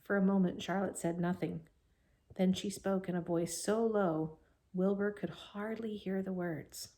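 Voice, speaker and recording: A woman reads a children's novel aloud in an expressive storytelling voice. She stops now and then for friendly asides to her young listeners. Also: mid-range voice, unhurried.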